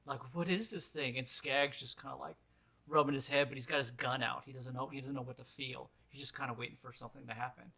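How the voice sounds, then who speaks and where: A man's voice: medium pitch, level tone, fast, creaky, sharp tone. A man narrating as game master of a tabletop role-playing game, rambling with lots of "like" and "kinda".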